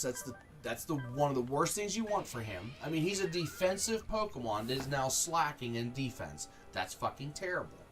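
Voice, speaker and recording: Frustrated, swearing male streamer. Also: on the high side. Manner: angry, swearing, halting with restarts. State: exasperated. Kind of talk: frustrated gameplay commentary.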